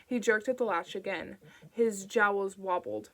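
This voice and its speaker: A woman reading an audiobook in a steady, even narration. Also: medium pitch, unhurried. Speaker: audiobook reader.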